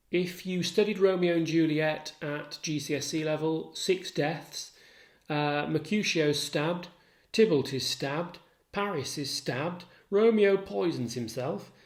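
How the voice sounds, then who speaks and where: A man's voice: fairly high pitch, darkish tone. Methodical male literature tutor, echoey room. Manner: methodical, listing facts one by one. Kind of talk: recorded lecture.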